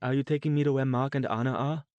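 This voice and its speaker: A man's voice: fairly high pitch, moderate pace, no echo, highs cut off, pitched above the performer's own voice, lightly acted. A man voicing a frightened, defiant mother held captive, talking in a pleading, fierce way in an audiobook. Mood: anxious.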